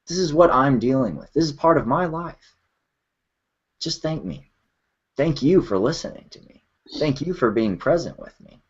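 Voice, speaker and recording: A man leading a guided emotional check-in, speaking slowly and softly with frequent sighs and open feeling. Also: fairly high pitch, animated, slightly rough. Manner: slow, soft, sighing, emotionally open. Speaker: workshop leader. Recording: dull lo-fi sound.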